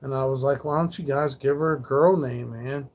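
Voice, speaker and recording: A man speaks in a gravelly, mid-pitched voice, rambling loosely on a livestream. He swears freely and sounds grieving and subdued, trailing off into soft asides. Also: moderate pace. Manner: rambling, profane, grieving, reads chat. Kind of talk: casual livestream talk.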